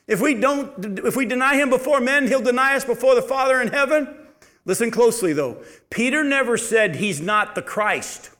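A man teaching a Bible study in an animated, emphatic way. He asks the audience questions and answers them himself. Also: extremely high pitch, moderate pace. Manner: animated, emphatic preaching with sudden loud rises and quiet drops.

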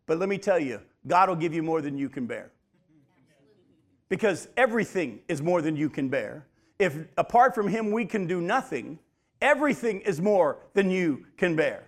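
Middle aged guy preaching, bit high voice, leans hard on key lines, talks right to the folks. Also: big pitch swings. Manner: emphatic preaching, slows for key points, addresses folks directly. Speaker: pastor. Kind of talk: sermon.

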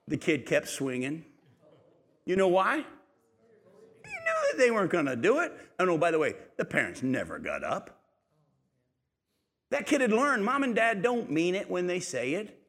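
A middle-aged man delivers a sermon, pressing his points with emphatic, rising intensity. His voice sits a little high for a man. The sound carries a long reverberant tail, as in a large church. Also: huge pitch swings, moderate pace, pauses often. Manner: emphatic, rising to shouts in stories. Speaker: pastor.

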